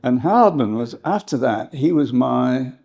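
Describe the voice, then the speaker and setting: An older man from England reminisces in a rambling, hesitant way, often breaking into laughter. His voice is gravelly and warm. The recording sounds slightly dull and lo-fi. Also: mid-range voice, animated, unhurried. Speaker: historian guest. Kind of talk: reminiscing interview talk.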